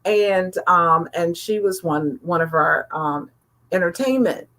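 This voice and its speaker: A woman co-hosting a radio talk show, measured and hesitant, with frequent fillers. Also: on the low side, fairly bright tone. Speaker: co-host. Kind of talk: casual chat.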